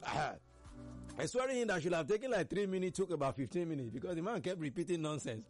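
Lively Nigerian male talk host. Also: a little high. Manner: chatty, laughs while telling stories, mimics others. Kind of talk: casual commentary on current affairs.

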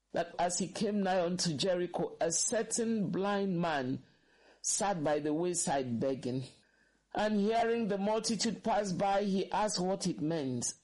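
A man with a high voice preaches a sermon, reading scripture aloud in an unhurried, measured way. He lingers over each phrase and lifts into fervent pleading at times. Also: darkish tone, rough recording.

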